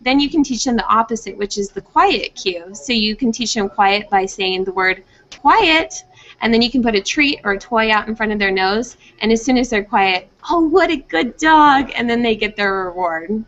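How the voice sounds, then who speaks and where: A woman's voice: medium pitch, fairly quick, hardly any pauses. A young woman, a pet trainer, giving advice in a conversational way and livening it up by acting out what dogs are thinking in playful voices, heard over a video call. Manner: animated, acts out dogs' thoughts in playful voices. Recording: muffled, dull online video call audio.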